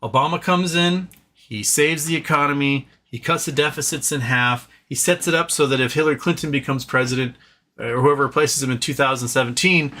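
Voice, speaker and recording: A sharp-toned man with a mid-range voice rants on his political livestream. He's exasperated and sarcastic, swearing, mocking opponents through put-on quotes, and tripping over fillers and repeated restarts.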